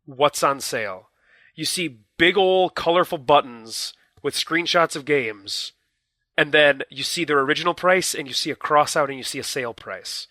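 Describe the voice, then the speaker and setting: Bright-voiced young man, dry and close. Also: on the high side, dry recording. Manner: earnest, explaining with hedges and repeated phrases. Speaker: podcast co-host. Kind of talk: casual chat.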